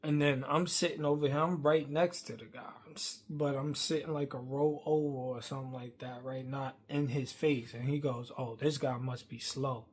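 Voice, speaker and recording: A man, venting a rambling workplace story to camera, swinging from loud outbursts to muttering. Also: steady tone, normal speed, few pauses, slightly rough. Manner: heated, rambling, acts out quotes loudly then drops low.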